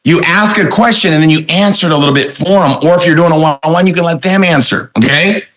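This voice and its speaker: A man in his forties runs a motivational sales training, his voice bright and forceful and pitched a little high. He talks emphatically, tosses rhetorical questions at the room, and stretches words to show off inflection. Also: quick pace, low-quality recording. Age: 40s. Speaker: network marketing speaker trainer.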